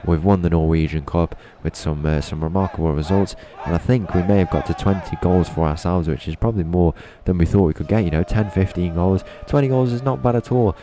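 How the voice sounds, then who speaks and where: A man's voice: low-pitched, fairly even intonation, brisk, few pauses. A young man commentating his own football video game match, with rhetorical questions and frequent repeated words. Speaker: gaming YouTuber.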